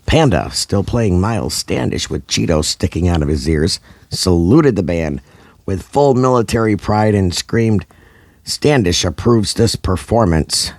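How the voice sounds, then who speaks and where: Deep-voiced man narrating a comedy. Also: animated, unhurried, darkish tone, no room sound. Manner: dramatic, over-the-top storytelling.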